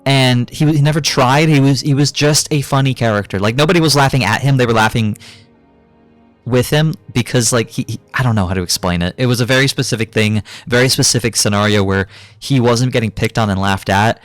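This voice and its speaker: A man's voice: medium pitch, a little fast, no room sound, faint music behind. A young adult man giving a casual, rambling gaming commentary, swearing freely and filling his talk with ums and uhs. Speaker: gaming YouTuber.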